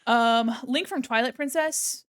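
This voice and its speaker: A woman's smooth, fairly bright voice, pitched a little high, unhurriedly carries casual chat during her home art stream. Using a desk mic on an arm, she drifts into baby talk whenever she speaks to her cat.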